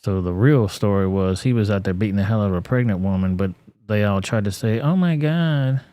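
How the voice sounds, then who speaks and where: A man with a deep, dark voice hosts a live stream, reacting to clips bluntly and profanely. He talks in a flat, laid-back drone. The sound is dry and close. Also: fast talker, no room sound. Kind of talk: casual live-stream commentary.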